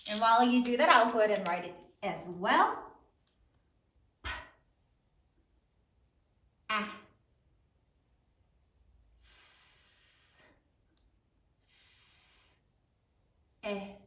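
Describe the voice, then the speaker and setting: A woman teacher leading a spelling lesson for third graders, slowly sounding out each letter and praising her students often. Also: medium pitch, lively intonation, a bit bright, echoey room.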